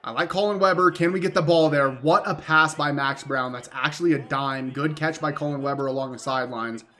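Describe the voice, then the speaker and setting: A young man giving excitable play-by-play commentary on his own football video game, swearing and venting when plays go wrong. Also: on the high side, a little fast. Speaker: gaming YouTuber. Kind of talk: live gameplay commentary.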